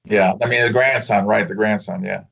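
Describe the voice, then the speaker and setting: A man's voice: on the low side, steady tone, fairly quick, gravelly, crowd noise. An older man, a former baseball hitting coach, telling rambling anecdotes with restarts and laughs in a casual interview. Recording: dull lo-fi audio.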